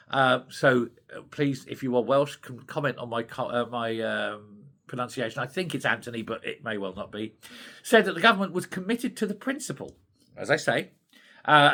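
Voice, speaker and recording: A man's voice: mid-range voice, pushed and bright. An older British man hosting his own opinion channel, ranting in an indignant, scornful way. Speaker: commentary channel host. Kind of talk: opinionated solo commentary.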